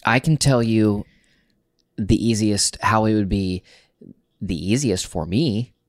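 A man in a casual couples chat, speaking haltingly with restarts and uneven pace. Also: on the low side, dry recording, studio quality. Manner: halting, restarts words, speeds up and slows down.

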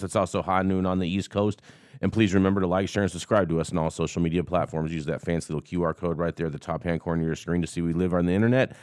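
A man hosting a live news talk show, playful and energetic, with drawn-out exclamations. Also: fairly low pitch, clean tone, no room sound, studio quality. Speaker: host.

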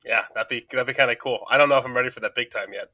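Bright-voiced jokey male podcast co-host. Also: medium pitch, rapid-fire, no echo. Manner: chatty, jokey, self-deprecating. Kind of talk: casual chat. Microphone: studio microphone.

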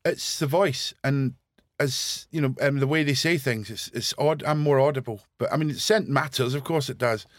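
A male guest chatting casually, hesitant and pausing with frequent ums. His pitch is in an ordinary middle range. The recording is dry and close. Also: no room sound. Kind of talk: casual chat.

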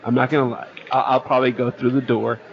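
A man's voice: medium pitch, level tone, fast, vocal fry. A man co-hosting a podcast, earnestly making his point in casual chat. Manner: earnest, explains a point with restarts. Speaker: podcast co-host. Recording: dull lo-fi audio.

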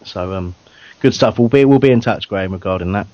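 A man's voice: fairly low pitch, a little fast, darkish tone, dry recording. A man hosting a fan radio show in casual banter, chatty and self-deprecating, laughing often. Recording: dull, dry lo-fi recording.

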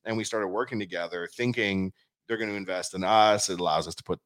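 Animated man, low dry voice. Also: fairly quick, dry recording. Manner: animated storytelling with acted quotes. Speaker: podcast host. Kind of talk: casual chat. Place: studio.

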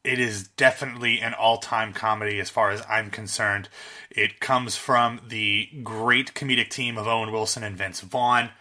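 A man's voice: lowish voice, steady tone, moderate pace, bright, forceful tone. A man co-hosting a casual talk show, enthusiastically running through his favorite comedy films. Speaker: podcast co-host.

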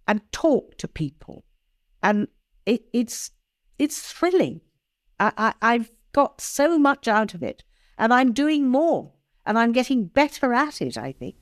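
Older english woman with a posh accent, crisp careful consonants, slow talker, voice goes up and down a lot. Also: fairly high pitch, very animated, a bit bright. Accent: upper-class English. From England. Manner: very precise, crisp diction with pure vowels. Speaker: guest. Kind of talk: conversational interview.

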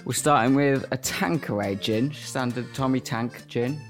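A man's voice: medium pitch, unhurried, music in the background. A man co-hosting a podcast, chatting casually and explaining a cocktail recipe while mixing it in his kitchen, a little hungover. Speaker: podcast co-host. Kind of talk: casual chat. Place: home kitchen.

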